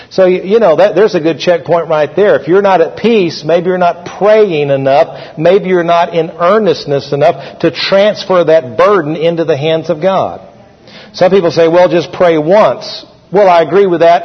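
A man's voice: on the high side, slightly rough. A man preaching a sermon to a congregation, talking conversationally and leading call-and-response. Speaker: pastor. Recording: dull, echoey hall recording.

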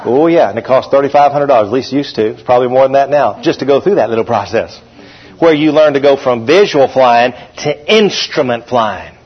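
A man preaching a lively sermon as pastor, calling out to his congregation. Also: medium pitch, a little fast, breathy edge. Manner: animated preaching, calls out to the congregation. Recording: dull lo-fi recording.

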